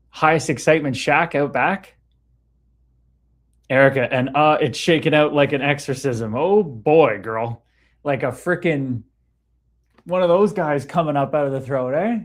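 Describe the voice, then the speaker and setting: A man hosting a livestream in a casual, laid-back way, talking about spirituality and greeting viewers by name as he reads their comments. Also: on the high side. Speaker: livestream host.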